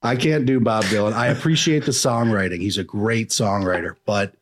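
Husky man rambling in casual chat. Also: on the low side, moderate pace. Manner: rambling, jokey, prone to impressions.

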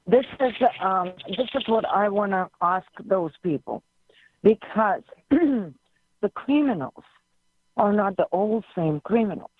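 A woman's voice: mid-range voice, dry recording. A woman calling in to a radio show, searching for words as she talks. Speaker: caller. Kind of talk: call-in comment. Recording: tinny phone line.

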